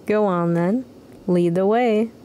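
A woman voicing a kindly, motherly village woman in a video game, speaking softly and drawing out her words. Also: mid-range voice, slow pace, a little hiss or hum, natural voice. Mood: encouraging.

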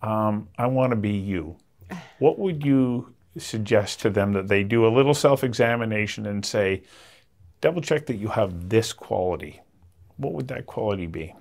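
A man's voice: fairly low pitch, lively intonation, moderate pace, darkish tone. A man hosting an interview and asking thoughtful, probing questions. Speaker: interviewer, host.

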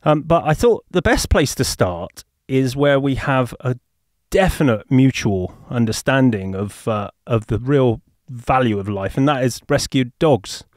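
A man's voice: mid-range voice, expressive, measured pace, few pauses, a little mellow, no room sound, clean studio sound. A man with an English accent hosting a podcast interview, chatty and jokey, often laughing. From England. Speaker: podcast host.

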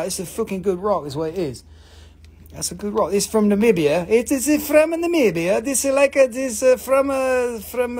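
A live-stream seller of rocks and crystals who talks in a casual, joking, profane and excitable way. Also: medium pitch, husky. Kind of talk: casual live sales chat.

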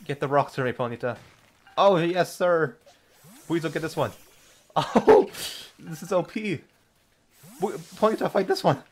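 A young man giving excitable let's-play commentary, laughing often and breaking into loud outbursts as he plays. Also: a little high, fairly quick. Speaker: gaming video creator.

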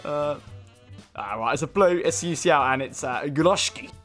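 A young man commentating as he opens game card packs, excitable and swearing, with sudden shouts. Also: on the high side, moderate pace, faint music behind. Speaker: gaming YouTuber. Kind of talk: excitable pack-opening commentary.

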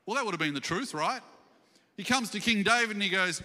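A man preaching a sermon as senior pastor, animated and questioning the congregation, acting out scripture stories. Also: high-pitched, brisk. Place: church hall. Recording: church livestream with long hall reverb.

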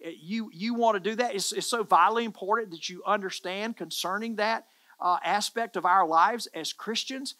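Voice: mid-range voice, normal speed, pushed and bright. A pastor preaching a sermon in an earnest, emphatic way, often repeating phrases for stress.

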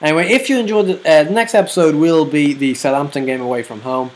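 A woman hosting a gaming channel, giving excited football game commentary, shouting player names and groaning at misses. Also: deep voice, fast talker.

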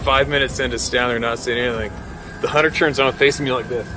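A man who works as a hunting guide, telling a tense story about a grizzly in a casual, animated way, often laughing and acting out the scene. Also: medium pitch, fast talker, a little hiss or hum.

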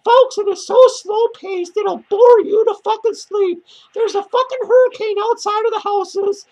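A man uses an extremely high, steady, darkish-toned voice and speaks a little slowly. He plays a foul-mouthed, lonely woman clown ranting about a movie with annoyance and profanity, laughing between lines, as a comic character review.

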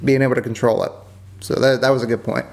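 A man co-hosting a casual podcast, talking about his work as an air controller and jumping up high when he quotes people. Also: quick pace. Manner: animated, jumps up in pitch when quoting. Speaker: podcast co-host, former JTAC.

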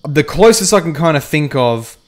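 Speaking at a moderate pace in a slightly high, animated voice, this man streams a strategy game live. He thinks out loud, says um often, and reads viewers' chat messages aloud in a casual way.

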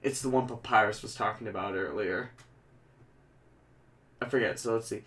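A man playing a video game and commenting in a sarcastic, deadpan way, with game music behind. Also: on the low side, normal speed, long pauses, distant mic. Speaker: gaming channel host. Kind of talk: let's play commentary.

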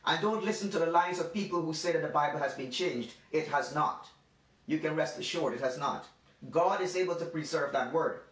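A man preaching a devotional sermon, stressing phrases slowly and repeating them for emphasis. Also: on the high side, a bit bright. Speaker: pastor. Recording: roomy sound from a distant mic.

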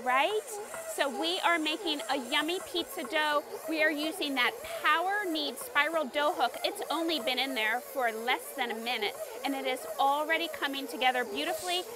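A woman's voice: high voice, background noise. Bubbly woman demonstrating a recipe. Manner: bubbly and encouraging. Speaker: recipe guest and cooking demonstrator. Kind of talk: live cooking demonstration. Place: TV studio kitchen.

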